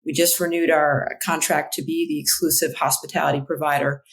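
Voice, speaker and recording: A woman in her forties with a fairly low voice talks as a marketing executive on a podcast. She sounds enthusiastic and warm toward her work, sometimes restarting a phrase before carrying on. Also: level tone, fairly quick, vocal fry, poor audio. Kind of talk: casual interview.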